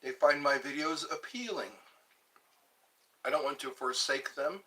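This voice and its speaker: Guy rambling on his live stream, real slow, kinda high bright voice, stops and restarts a lot. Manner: slow, rambling, chatty, restarts words, eating while talking. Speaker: livestream host. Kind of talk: casual live chat reading comments.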